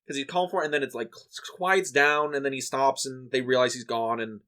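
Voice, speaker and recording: A man talking loosely about a movie with a friend. He sits in an ordinary middle register and tells the story scene by scene with animated energy. His language is relaxed and salty. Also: medium pitch, a little fast. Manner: animated retelling, frequent profanity. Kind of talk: casual movie discussion.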